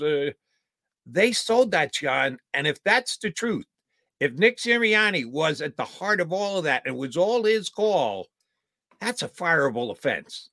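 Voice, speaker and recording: A man co-hosting a sports talk show, sounding indignant and argumentative. His voice is bright and edged. The sound is dry, with no room echo. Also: on the high side, animated, moderate pace, vocal fry. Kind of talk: heated sports talk commentary.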